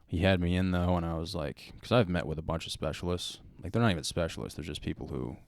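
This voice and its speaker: A man's voice: deep voice, fast, vocal fry, no echo, studio quality. A young man, hosting a podcast and rambling through a story in loose, casual chat. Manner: rambling storytelling with many likes and mans. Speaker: podcast host.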